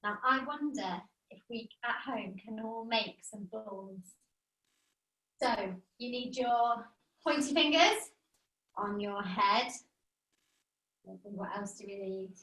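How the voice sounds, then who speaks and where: Bright, gentle woman co-hosting a kids' lesson. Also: on the high side, slow pace, long pauses. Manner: gentle, encouraging, asks questions. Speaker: children's activity co-host. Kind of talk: playful lesson for children. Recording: echoey room, mic far off.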